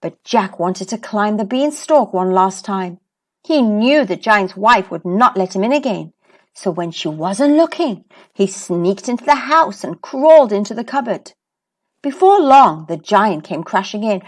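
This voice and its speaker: A woman reading a children's book aloud, expressive and sing-song as a storyteller. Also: fairly high pitch, unhurried.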